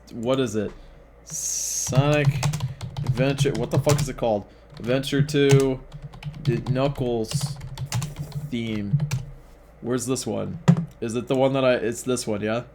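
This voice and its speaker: A man's voice: mid-range voice, background noise. A young man reading fan fiction aloud as host, breaking off for sarcastic, profane asides that mock the text.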